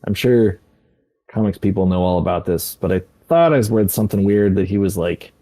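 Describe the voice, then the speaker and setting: A man chatting as a podcast guest, rambling loosely and breaking into laughs. His voice is low and mellow. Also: fairly quick. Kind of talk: casual podcast chat.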